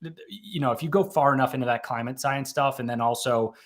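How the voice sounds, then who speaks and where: 30s guy guesting on a podcast, rambling story, keeps saying "right?", mid-pitched voice. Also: fast. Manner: rambling, self-correcting, frequent "right?" tags. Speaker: author and mental health advocate guest. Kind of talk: casual interview storytelling.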